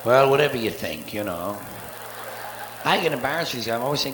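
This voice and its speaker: A man doing a live stand-up routine, profane and sardonic, with rapid-fire wordplay, on a theater stage before an audience. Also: mid-range voice, sing-song. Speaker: stand-up comedian. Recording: echoey live soundboard tape with faint hiss.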